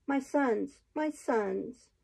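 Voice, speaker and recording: A woman's voice: high-pitched, very slow, gravelly, darkish tone, slightly rough, heavily acted. Woman reading as a grieving old widow. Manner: pleading.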